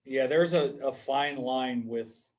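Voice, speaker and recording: A man's voice: mid-range voice, slow pace, darkish tone. A middle-aged man hosting a podcast, rambling and swearing in casual chat. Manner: rambling and profane. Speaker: podcast host.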